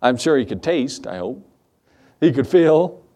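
A man's voice: mid-range voice, big pitch swings, unhurried, warm tone. A young man preaching a fervent, folksy sermon as pastor, acting out the voices of the people he quotes.

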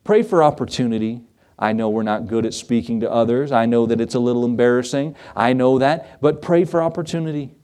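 A pastor preaches with a brisk, slightly mellow mid-range voice, earnest and folksy, chuckling often. He hammers his points home through emphatic repetition and a rising preacher's cadence.

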